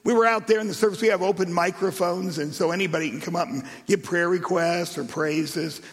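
A man preaching a sermon and telling stories in an animated way, with shouted emphasis. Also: sits high, fairly quick, husky. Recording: echoey hall reverb.

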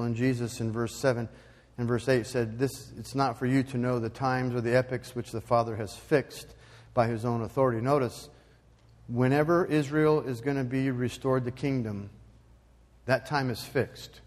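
A man preaching a sermon as pastor, animated and emphatic, with loud rising peaks. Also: medium pitch, moderate pace, in a large hall.

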